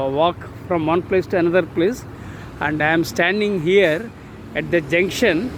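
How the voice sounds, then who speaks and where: With traffic and street noise in the background, a sixty-something man makes a casual walking vlog on a phone in his hand. His voice sits high, and his speech is slow and halting, with lots of fillers and repeated words.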